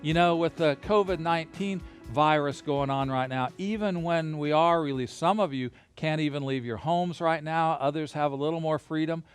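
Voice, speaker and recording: A man teaching a Bible lesson to children and families, lively and encouraging, guiding them through hand motions as he talks alone into a camera. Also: a little high, normal speed, few pauses, clear, resonant tone, soft background music. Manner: lively, gesture-led, encouraging.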